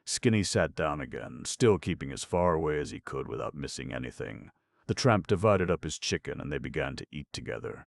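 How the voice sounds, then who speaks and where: A man narrating an audiobook in a steady, measured reading. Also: very deep voice, gravelly, no echo, studio quality.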